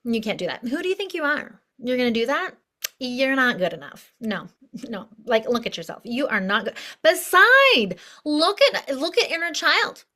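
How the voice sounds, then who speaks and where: A woman's voice: high voice, big pitch swings, moderate pace, pushed and bright, full character voice. A woman voicing her inner critic, scolding and belittling in a sneering tone. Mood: scornful.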